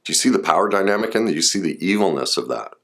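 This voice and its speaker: A man's voice: deep voice, animated, racing, fairly bright tone. A man explaining relationship warning signs in a casual, personal way, full of asides and restarts. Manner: conversational, personal asides, frequent fillers and restarts. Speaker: relationship and trauma speaker. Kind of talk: casual explanatory talk to camera.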